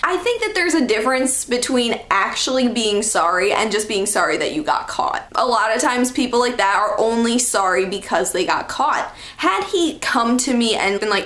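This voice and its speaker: A young woman talks to camera, telling a story from her own life. Her voice sits a bit high, and she is chatty and animated, with lots of filler words. The sound bounces around a roomy space. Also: moderate pace, hardly any pauses. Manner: chatty, animated, heavy use of "like" and "okay". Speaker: storytime vlogger. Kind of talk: casual storytime monologue.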